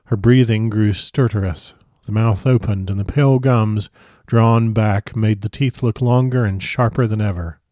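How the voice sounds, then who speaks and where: A man narrating a classic novel as an audiobook, with a measured, expressive reading. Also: on the low side, no echo, studio quality.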